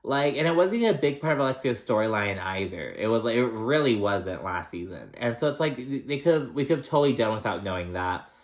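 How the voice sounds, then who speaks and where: Brief: male recap vlogger, mid-pitched, catty and sweary, loose chatty delivery, room echo. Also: sing-song, brisk, hardly any pauses. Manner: chatty, gossipy and profane, with frequent fillers. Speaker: reality TV recap host. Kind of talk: casual recap commentary. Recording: roomy echo.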